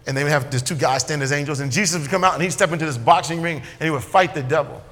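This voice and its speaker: A pastor preaching to his church, a man with a bright, forceful tone and a fairly high voice. He swings between loud emphatic lines and quiet asides. His voice rings with the long reverb of a large hall. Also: rapid-fire. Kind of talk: sermon.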